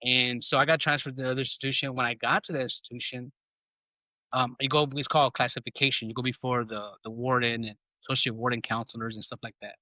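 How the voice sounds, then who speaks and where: A man with a very bright, sharp voice tells his own story as a podcast guest, slipping into the voices of people he quotes. His talk is casual and peppered with bro. The sound is close and dry. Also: mid-range voice, level tone, fast, dry recording. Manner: casual, reenacts dialogue, says bro a lot. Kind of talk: personal storytelling in conversation.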